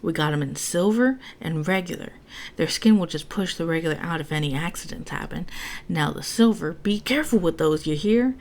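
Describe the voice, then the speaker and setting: A woman's voice: sits low, brisk, a little mellow. Lady reading a story, doing a blunt pushy grandpa, kinda brash and dismissive. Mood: warning.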